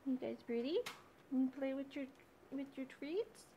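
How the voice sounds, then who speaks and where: A woman chatting to her pet birds at home beside their cage, in soft, sing-song baby talk with frequent small laughs. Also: high-pitched, unhurried, muffled recording, slight background noise.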